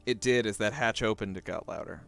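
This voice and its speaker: A man narrating a tabletop role-playing game as game master, describing scenes in a relaxed way. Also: on the low side, brisk, vocal fry, faint music behind.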